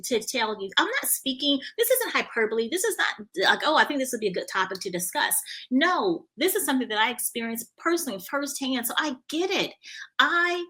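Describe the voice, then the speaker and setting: A woman host, telling a personal story to her listeners in a lively, emphatic way, acting out the voices of others with big pitch jumps. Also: fairly quick. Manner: emphatic, addresses listeners directly. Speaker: podcast host and coach.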